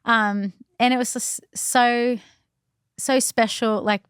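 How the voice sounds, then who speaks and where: A young adult woman, a podcast guest, telling a personal story in a casual, animated way with many fillers and restarts. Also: a little high, takes it slowly, smooth, no room sound, clean studio sound.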